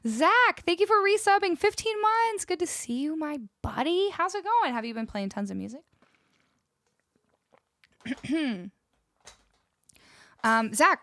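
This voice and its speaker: A woman singer-songwriter chatting casually with her live viewers, bubbly and effusive and quick to laugh, on a close studio mic. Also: high voice, fairly bright tone, dry recording. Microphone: close studio microphone.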